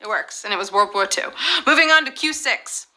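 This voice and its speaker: A woman hosting a live trivia game show, chatting casually in a bubbly, playful way with quick asides. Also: medium pitch, animated, bright, forceful tone. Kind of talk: casual chat.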